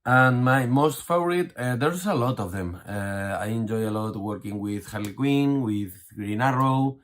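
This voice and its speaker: A man, a comic book artist, answering an interview question in a hesitant, halting way with many fillers and restarts. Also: mid-range voice, fairly even intonation, fairly bright tone.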